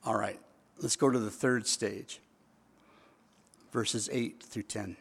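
A man's voice: on the low side, fairly even intonation, takes it slowly, gravelly, husky, big-room sound. A man preaching a sermon in a conversational way, with emphatic repeated phrases. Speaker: pastor.

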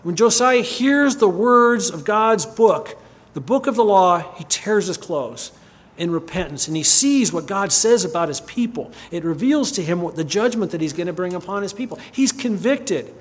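A man's voice: high-pitched, lively intonation, normal speed, husky. A man preaching a sermon who reads scripture aloud, asks his listeners questions and often stops to correct himself.

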